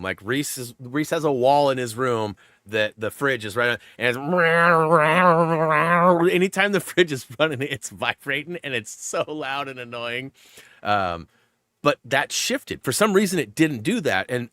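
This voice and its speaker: A middle-aged man hosting a casual live stream, rambling through stories with quick asides. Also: medium pitch, expressive, fairly bright tone, no room sound, studio quality.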